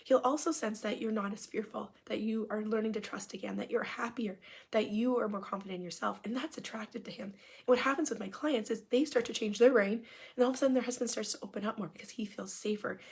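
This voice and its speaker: A woman coach talks in a casual, upbeat and encouraging way, sometimes sinking almost to a whisper. Her voice is husky with a gravelly edge. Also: on the high side, steady tone, quick pace, darkish tone. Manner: chatty, upbeat and encouraging, dropping to near-whispers at times. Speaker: marriage coach and hypnotist. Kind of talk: casual talk answering questions.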